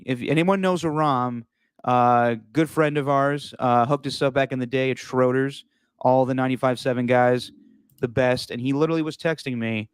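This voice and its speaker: A man's voice: mid-range voice, fairly even intonation, normal speed, clear, resonant tone, no room sound. A young man hosting a casual sports podcast, loose and joking, swearing freely and laughing easily. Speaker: podcast host.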